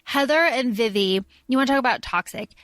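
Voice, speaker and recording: A woman's voice: on the high side, fairly quick, a bit bright, no echo. A woman co-hosting a podcast, explaining points with examples in casual chat. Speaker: podcast co-host.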